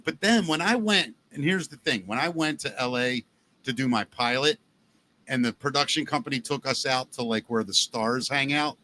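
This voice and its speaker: Bright, lively middle-aged podcast host. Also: male voice, medium pitch, moderate pace, slight background noise. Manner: animated storyteller acting out quotes, swears freely. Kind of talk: casual podcast chat.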